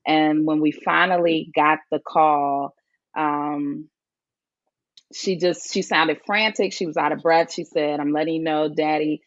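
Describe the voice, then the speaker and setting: A woman's voice: low-pitched, fairly even intonation, takes it slowly, no echo, dull audio. A woman guest speaking earnestly and reflectively in an interview, telling a personal story. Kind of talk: conversational interview.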